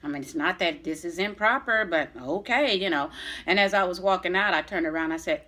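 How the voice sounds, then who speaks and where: A woman's voice: fairly low pitch, brisk, sharp tone. A middle-aged woman telling a long personal story to her viewers in a blunt, chatty way, swearing freely and often restarting her sentences. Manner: blunt, profane, chatty retelling with many restarts. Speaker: vlogger. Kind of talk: casual storytelling to camera.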